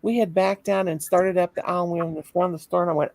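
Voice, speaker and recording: A middle-aged woman telling lively everyday stories in casual chat, full of exclamations. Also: lowish voice, very fast, no echo, rough recording. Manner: animated storyteller, laughing, exclamations. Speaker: chat participant.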